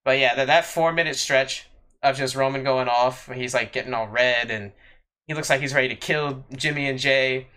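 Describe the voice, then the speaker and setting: A man's voice: mid-range voice, fairly even intonation, normal speed, pushed and bright. A man co-hosting a podcast who chats casually, with many fillers and repeated words. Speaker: podcast co-host.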